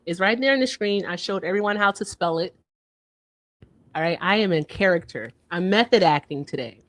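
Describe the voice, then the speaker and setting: A woman's voice: fairly low pitch, animated, moderate pace, fairly bright tone, dry recording. A woman hosting a casual livestream, chatty and upbeat, who keeps repeating stock phrases and laughs often. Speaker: livestream host.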